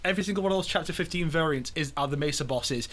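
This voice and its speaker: A man's voice: a little high, very fast, over a noisy crowd. A man co-hosting a casual gaming podcast, stumbling over words and restarting sentences as he chats. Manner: stammering, restarts often, laughs easily. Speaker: podcast co-host. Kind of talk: casual chat.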